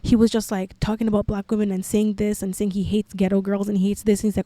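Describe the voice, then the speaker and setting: A young woman shares a personal story on her podcast in a candid, meandering way, scattering "like" through nearly every sentence. Her voice sounds mellow and dark, and the recording is dry and close with no room sound. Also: medium pitch, flat delivery, a little fast, few pauses, no echo. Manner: candid, filler-heavy with frequent "like". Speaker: podcast host.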